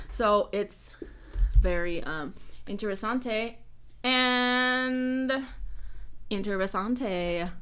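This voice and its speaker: Chatty young woman live streaming. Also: on the high side. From United States. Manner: chatty, rambling, reads donor messages. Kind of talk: casual live stream chat.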